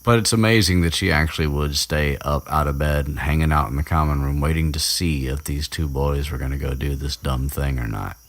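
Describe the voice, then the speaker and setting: A man retelling a book chapter in casual chat, rambling with many restarts and fillers and dropping into quick voices for the characters. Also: extremely low pitch.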